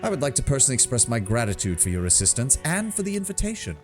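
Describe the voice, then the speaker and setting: A man's voice: medium pitch, very animated, very fast, soft background music, close to an everyday voice. A man voicing a courteous noble baron who speaks in a formal, polite way.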